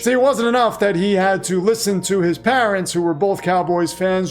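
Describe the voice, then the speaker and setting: A man who hosts a show, narrating a scripted comedic story with dramatic, playful delivery. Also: high voice. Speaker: storyteller host.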